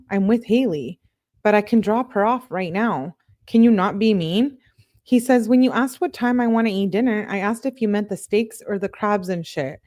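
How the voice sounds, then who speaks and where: A woman's voice: mid-range voice, a little mellow, no echo, clean studio sound. A young woman reading text messages aloud as a true crime commentator, with casual chatty asides.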